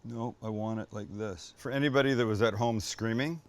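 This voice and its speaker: A man's voice: on the low side, animated, brisk, few pauses. A middle-aged man hosting a casual cooking show, joking and talking straight to the viewer as he cooks and tastes. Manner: enthusiastic, jokey, talks to the viewer.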